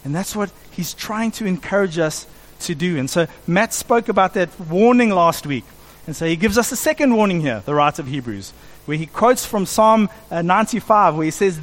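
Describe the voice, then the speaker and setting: A middle-aged man preaching a sermon in an animated way, acting out quoted voices as he goes. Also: high voice, normal speed. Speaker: pastor.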